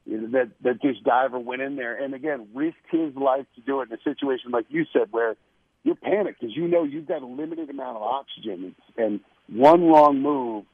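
Male guest on a phone-in, husky and dry, enthusiastic, repeats himself. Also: mid-range voice, fairly quick, no echo. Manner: enthusiastic, repeats words when excited. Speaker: guest promoting a TV show. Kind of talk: casual radio interview. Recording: tinny phone-line sound.

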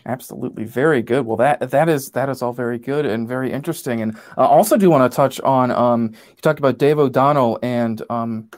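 Halting interview host. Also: mid-range voice, darkish tone. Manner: halting, many fillers and restarts. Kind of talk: interview questions.

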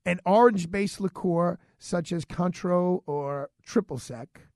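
Lively high-voiced New talk host. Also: male voice, no echo, studio quality. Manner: animated, chatty storyteller acting out dialogue. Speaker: radio show host. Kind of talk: casual storytelling monologue.

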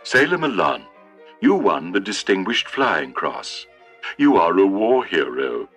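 This is a stiff, formal interview host in a parody sketch, played by a man. His voice is bright and animated. Faint music sits underneath. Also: low voice, a little slow, husky, full character voice. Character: male TV interview host in a spoof. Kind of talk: comedy sketch.

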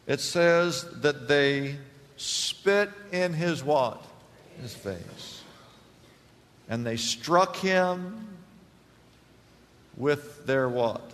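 Man, pastor, church sermon, fairly high voice, long hall reverb, emphatic, questions to congregation. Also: drawn-out words, pauses often. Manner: asks the congregation fill-in questions, builds to loud emphatic peaks.

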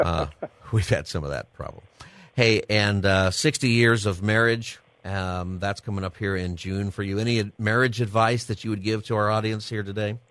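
A deep-voiced man hosts a live radio show in a relaxed, heartfelt way. His voice sits close and dry on the studio mic. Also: normal speed, no echo. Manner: conversational and heartfelt, chuckling often.

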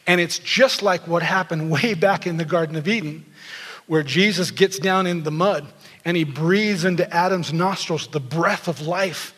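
High-voiced preacher in a reverberant hall. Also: male voice. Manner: animated storytelling, acts out quotes. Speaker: pastor. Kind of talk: sermon.

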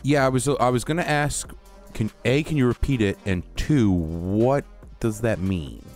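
A man with a deep voice, an audio producer chiming in with dry, measured remarks during radio banter. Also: darkish tone, soft background music. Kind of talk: casual on-air banter.

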